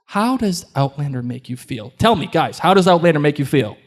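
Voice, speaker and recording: Male co-host with a Boston accent, live in a hotel room, animated and bantering. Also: a little high, fairly quick. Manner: animated, joking, addresses the crowd. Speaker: podcast co-host. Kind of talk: live podcast chat before an audience.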